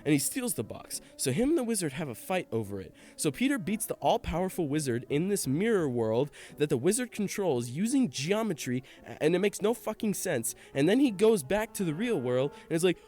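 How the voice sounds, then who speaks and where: A young man narrating a sarcastic, crude plot recap in a deadpan, irreverent way. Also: on the high side, a little fast, few pauses, soft background music. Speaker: comedy narrator.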